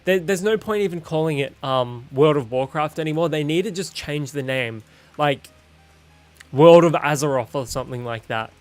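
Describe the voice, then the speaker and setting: Male game streamer, blunt and profane, opinionated rant, slightly high voice, faint game music. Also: moderate pace. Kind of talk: casual gaming stream commentary.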